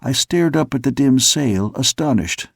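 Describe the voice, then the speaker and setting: A man reading a novel aloud as an audiobook narrator, in a measured, steady storytelling manner. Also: mid-range voice, vocal fry, husky, no echo, clean studio sound. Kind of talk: scripted narration.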